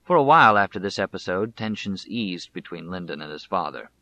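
A man narrating a biography as an audiobook in a measured, deliberate way. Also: low voice, expressive, pushed and bright.

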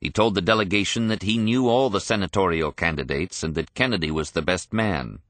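A man reading a history audiobook in a measured, even storytelling manner. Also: deep voice, no echo. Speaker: narrator. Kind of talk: scripted audiobook narration.

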